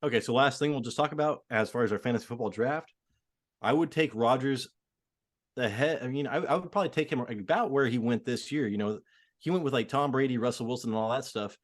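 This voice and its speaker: A man co-hosting a fantasy football podcast, talking casually and opinionatedly with lots of fillers. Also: medium pitch. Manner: filler-heavy, quick, opinionated. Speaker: podcast co-host. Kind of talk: casual sports chat.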